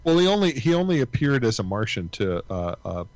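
Lively older man joking around. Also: mid-range voice, a little fast, no room sound. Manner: joking, laughs mid-sentence. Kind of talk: casual banter.

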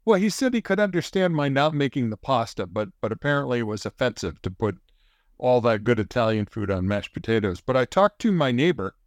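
A man's voice: mid-range voice, sing-song, a little fast, no room sound. Dry-voiced man teasing his co-host. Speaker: podcast co-host. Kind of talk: casual comedic banter.

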